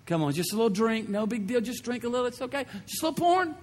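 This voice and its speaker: A man's voice: extremely high pitch, sing-song, fast, slight background noise, pitched above the performer's own voice. A man voicing a wheedling male tempter spirit who coaxes people to make light of wrongdoing. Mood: coaxing. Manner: coaxing, smooth-talking, making light of sin. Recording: long reverb of a large hall.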